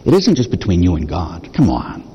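Man, Catholic priest, sermon, low husky voice, lively swinging delivery, asks the congregation questions. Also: a little fast, lo-fi sound. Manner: conversational preaching with rhetorical questions. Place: church. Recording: long reverb of a church.

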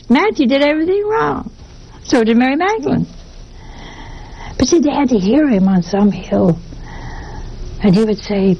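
A woman's voice: high-pitched, very animated, normal speed, pauses often, darkish tone, muffled recording, a little hiss or hum. A woman giving a sermon in a folksy, conversational way, often asking her listeners rhetorical questions. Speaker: preacher.

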